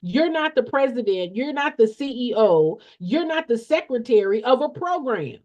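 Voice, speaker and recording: Blunt woman coach preaching about nonprofit money, repeats herself a lot, lively up and down pitch, kinda dull lo-fi audio. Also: normal speed. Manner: blunt, repetitive, preachy with rhetorical questions; folksy, slangy talk. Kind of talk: emphatic motivational teaching. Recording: dull lo-fi sound.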